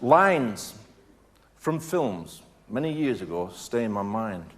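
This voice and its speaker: Chatty Northern English comedian, lively pitch. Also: male voice, slow. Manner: chatty, self-mocking, jumps into voices. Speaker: stand-up comedian. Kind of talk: stand-up comedy. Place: live stage before an audience.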